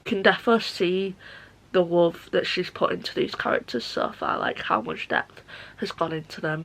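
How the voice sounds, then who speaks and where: A young woman chatting excitedly about a book in a casual reading vlog, gushing and full of "like". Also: on the low side, moderate pace, creaky, poor audio. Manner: gushing, excitable, heavy use of "like". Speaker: book vlogger.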